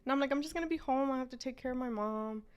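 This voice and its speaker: A woman's voice: sits high, rapid-fire, dull audio. A woman, a business owner telling her story as an interview guest and switching between English and Spanish.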